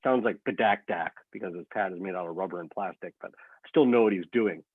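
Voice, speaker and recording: Man, reading a novel aloud, expressive storyteller, husky voice, dry phone-like sound. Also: low voice, fast talker, dry recording. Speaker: author reading his own novel. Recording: lo-fi phone-like line.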